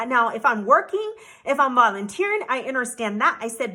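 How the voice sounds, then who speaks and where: A woman's voice: sits high, big pitch swings, brisk, sharp tone. An American woman telling an emotional story as a vlogger, indignant and repeating herself. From United States. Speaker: travel vlogger.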